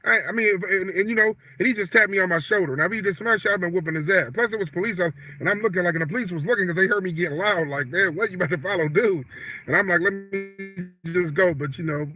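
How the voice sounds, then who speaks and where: A man co-hosting a livestream, telling a story in animated casual chat and acting out the quotes. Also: high voice, rapid-fire, hardly any pauses, no echo. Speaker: livestream co-host.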